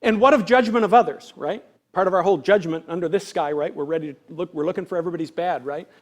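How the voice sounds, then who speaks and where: A male pastor delivers an earnest sermon in a fairly high voice. He talks to the congregation conversationally, leaning on rhetorical questions. When he acts out quoted voices, he swings from loud declarations to near-hushed lines. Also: fast.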